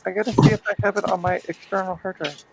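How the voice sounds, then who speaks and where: A man's voice: high-pitched, steady tone, fast talker, creaky, heavy background noise. A man chatting as a guest on a livestream, with dry, teasing remarks. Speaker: stream guest. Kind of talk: casual livestream chat.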